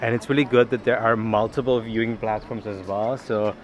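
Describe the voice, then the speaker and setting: A man's voice: lowish voice, steady tone, brisk, highs cut off. A man travel vlogger talking in an easygoing, casual way while hiking an outdoor trail. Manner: easygoing, loose chatter with fillers. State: out of breath from hiking.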